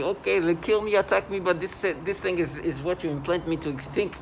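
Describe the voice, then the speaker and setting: A man's voice: a little high, a little fast, slight background noise. A man talking to his camera in an agitated, indignant monologue, stopping and restarting often. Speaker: vlogger.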